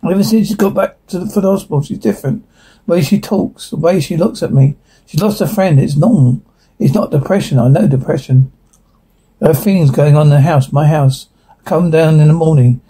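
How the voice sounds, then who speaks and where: A man's voice: a little high, fairly quick, mellow, husky. A man reading the part of an anxious middle-aged mother who pleads urgently with a priest. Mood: pleading.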